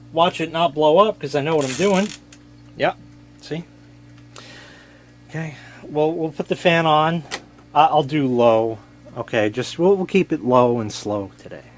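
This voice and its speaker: Guy fiddling with an old timer on camera, slow and jokey, kinda high voice. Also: a little hiss or hum. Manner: joking, self-mocking, rambling. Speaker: hobbyist showing an old gadget. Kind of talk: casual show-and-tell.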